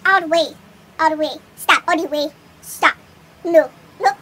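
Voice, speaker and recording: A teenage girl putting on a shrill, indignant reaction voice, loud interjections. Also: normal speed, heavy background noise, lightly acted. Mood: outraged.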